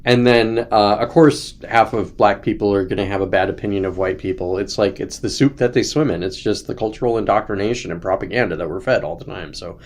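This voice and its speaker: A man's voice: on the low side, fairly quick, few pauses. A young man hosting a casual livestream, rambling through commentary with sarcasm and mocking put-on voices. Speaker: host.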